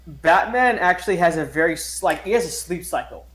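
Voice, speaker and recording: An excitable man chatting on a casual podcast, pitched a little high, often laughing and cutting in. His voice rings in a roomy, echoey space. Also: brisk. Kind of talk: casual chat. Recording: echoey room.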